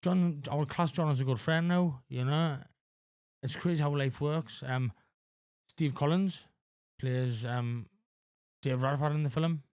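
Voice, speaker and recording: A man in his forties talking candidly as a podcast guest, halting with lots of fillers and frequent swearing. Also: fairly high pitch, darkish tone, clear, resonant tone, no echo, studio quality. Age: 40s. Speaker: podcast guest in addiction recovery. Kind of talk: candid conversational interview.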